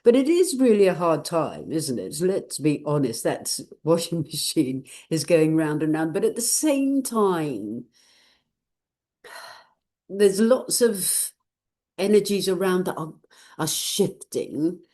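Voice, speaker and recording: Woman, older, low-pitched, mellow, casual vlog chat, laughs often. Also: big pitch swings, slow pace. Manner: chatty, laughs often, rambling asides. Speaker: channeler and vlog host. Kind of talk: casual personal chat to viewers.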